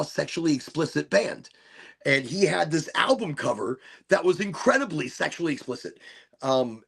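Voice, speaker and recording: A man's voice: mid-range voice, gravelly, breathy edge. A man hosting a casual podcast chat, telling rambling stories and swearing freely. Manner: rambling, swears a lot, repeats himself. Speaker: podcast host.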